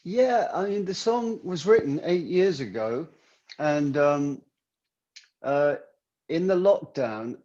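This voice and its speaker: A man with an English accent, a singer who is a guest on a video call, friendly and relaxed in casual chat. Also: on the high side, slow pace. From London, England. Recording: dull, muffled video-call audio.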